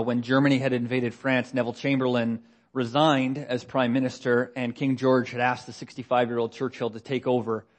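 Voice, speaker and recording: A man giving a sermon, telling history in a measured, storytelling way with reflective pauses. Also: medium pitch.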